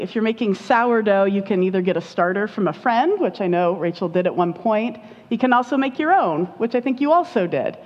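A woman's voice: mid-range voice, darkish tone. A woman giving a conversational sermon as a preacher, chatty and often checking in with her listeners. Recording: dull lo-fi sound with long hall reverb.

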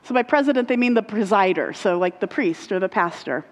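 A woman's voice: medium pitch, animated, brisk, slight background noise. Woman pastor in an echoing hall. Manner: conversational, uses fillers like right and like. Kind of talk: sermon teaching. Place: church sanctuary. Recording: muffled sound with long hall reverb.

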